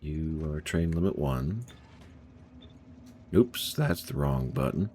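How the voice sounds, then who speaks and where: A man's voice: rumbling low, lively intonation, takes it slowly, dark tone, slight background noise. A young man streaming a game, thinking aloud and puzzling over what went wrong, chuckling to himself at a desk microphone. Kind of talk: casual gameplay commentary.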